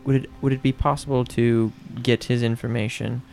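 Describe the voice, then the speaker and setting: A man's voice: medium pitch, flat delivery, brisk, gravelly, a little mellow, soft background music. A man playing in a tabletop game, speaking hesitantly and politely. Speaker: player.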